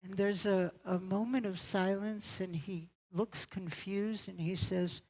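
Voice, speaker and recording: A woman's voice: medium pitch, fairly even intonation, unhurried, few pauses, a little mellow, poor audio. A woman pastor giving a sermon, telling a story in a conversational way and checking in with her congregation.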